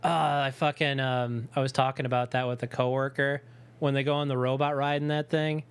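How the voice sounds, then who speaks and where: A man's voice: medium pitch, fairly quick, clean tone. A young man co-hosting a podcast in casual chat, rambling and swearing often. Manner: swears a lot, rambling, animated put-on voices. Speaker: podcast co-host. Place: home studio.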